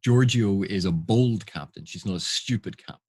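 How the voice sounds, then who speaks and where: A man with a low, husky voice gives unscripted reaction commentary. He is exasperated and asks pointed rhetorical questions. The recording is dry and close. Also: normal speed, darkish tone, dry recording. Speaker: film and TV critic.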